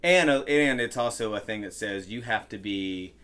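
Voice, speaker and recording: A man hosting a casual podcast, a pastor who talks in an animated, chatty way with many fillers. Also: lowish voice, moderate pace, clear, resonant tone.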